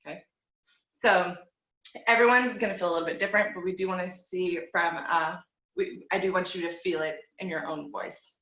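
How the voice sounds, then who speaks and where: A young woman teaching an online group voice class, speaking in a relaxed, encouraging way and demonstrating with hums and slides. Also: fairly low pitch, fairly quick. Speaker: vocal teacher. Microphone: video call. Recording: dull, echoey room sound.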